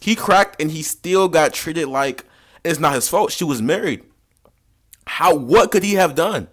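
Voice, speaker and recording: A man's voice: a little high, expressive, a little slow, a bit bright. A man hosting, giving casual reaction commentary in slangy, lecturing talk. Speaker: dating coach, host.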